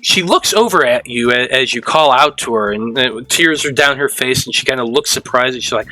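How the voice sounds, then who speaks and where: Bright-voiced man running a tabletop game. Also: medium pitch, soft background music, low-quality recording. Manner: halting, full of fillers and restarts. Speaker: game master.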